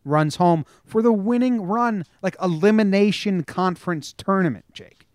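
A young man co-hosting a podcast in casual sports chat, talking in an animated, storytelling way and swearing freely. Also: high voice, moderate pace, no room sound, clean studio sound. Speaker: podcast co-host.

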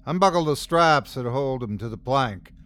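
A man voicing a cold, gruff cult leader. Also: medium pitch, moderate pace, natural voice. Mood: cold commanding. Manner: frigid monotone, gruff.

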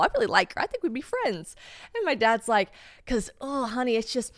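A woman's voice: fairly high pitch, big pitch swings, quick pace, dry recording, studio quality. A young adult woman hosting a podcast, telling a story in a chatty, profane, self-mocking way and acting out the voices she quotes. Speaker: podcast host. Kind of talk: casual storytelling chat. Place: Tennessee.

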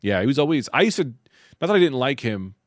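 Fast-talking animated male podcast host. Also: mid-range voice, no room sound, studio quality. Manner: animated, swearing, jumps into put-on voices. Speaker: stand-up comedian. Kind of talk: casual chat.

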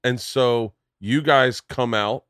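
A man hosting a podcast, telling stories in a casual, animated way, swearing freely and breaking into impressions. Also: slow, clear, resonant tone, no echo, studio quality. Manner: animated storyteller, swears freely, jumps into high-pitched impressions. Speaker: podcast host. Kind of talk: casual chat.

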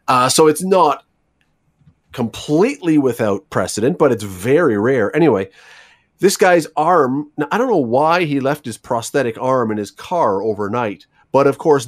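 A man hosting a radio talk show, telling news stories in a wry, chatty way. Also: medium pitch. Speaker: radio host.

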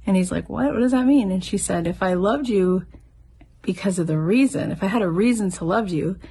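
A woman's voice: mid-range voice, a little fast, warm tone, slightly rough. A middle-aged woman hosting a podcast, telling a heartfelt story in an earnest, motivational way. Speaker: podcast host.

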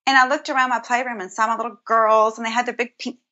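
A woman in her thirties, an interview guest, telling her story earnestly and warmly with soft restarts. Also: a little high, level tone, fast, highs cut off. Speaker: podcast guest, creator of a Bible study method. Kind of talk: casual conversational interview.

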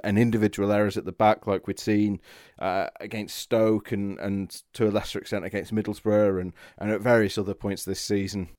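Guy hosting a footy podcast, lowish voice, dry close sound, rambly. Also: no room sound. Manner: relaxed, rambling with repeated words. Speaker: podcast host. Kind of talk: casual football chat.

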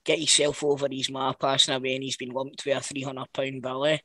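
Scottish man, podcast co-host, sweary banter, bright tense voice. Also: mid-range voice, level tone, a little fast. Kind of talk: casual chat.

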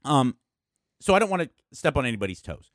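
Middle-aged male guest, lively swearing storyteller, dry close sound. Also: mid-range voice, fast, dry recording. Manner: animated storyteller, swears freely. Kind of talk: casual chat.

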